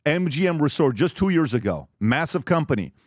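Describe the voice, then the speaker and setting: A man hosting a business presentation to a live audience, direct and emphatic, telling stories with lively acted-out exchanges. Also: a little high, no echo, clean studio sound. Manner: animated storytelling, acts out quoted exchanges; direct and emphatic, lists points quickly. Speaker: host giving a business talk.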